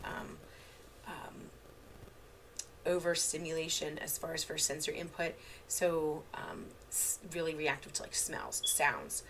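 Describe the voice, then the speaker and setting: Woman trainer with a low, gravelly voice; casual, unscripted talk full of "um"s; faint hiss behind. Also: a bit bright. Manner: casual, many filler words and restarts; relates examples from her own parenting. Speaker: therapist giving an online training. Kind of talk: unscripted lecture.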